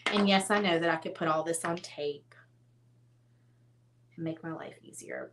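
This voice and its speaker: A woman's voice: fairly low pitch, moderate pace, fairly bright tone. A woman hosting a casual painting tutorial, chatty and self-teasing as she talks straight to her viewers while she works at a crafting table.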